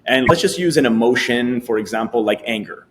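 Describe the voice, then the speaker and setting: A man guesting as a coach explains a mental technique step by step. He speaks in a middle pitch and delivers his points in an animated way, slipping into little acted-out voices for his examples. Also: brisk, noisy background.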